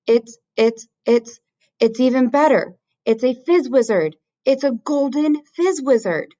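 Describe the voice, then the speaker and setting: A woman's voice: fairly low pitch, unhurried, highs cut off, close to an everyday voice. A woman voicing a big friendly male giant who talks in garbled grammar and odd invented words. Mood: excited. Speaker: teacher reading aloud.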